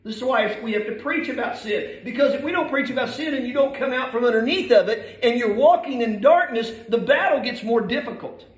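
High-voiced man preaching in an echoey church. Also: a little fast, hardly any pauses. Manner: emphatic, reads scripture aloud with rising force. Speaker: pastor. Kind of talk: sermon. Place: church sanctuary.

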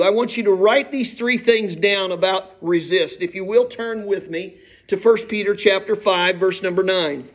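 A man's voice: high voice, moderate pace. A middle-aged male pastor preaching a sermon in a church, emphatic and building in force as he reads scripture aloud. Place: church sanctuary. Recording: echoey church hall.

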